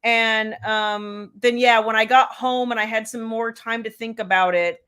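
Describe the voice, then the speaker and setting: A woman's voice: fairly high pitch, steady tone, unhurried, bright, forceful tone, clean tone. A middle-aged woman, chatting casually on a live stream and answering viewers by name. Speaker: romance author hosting a live stream.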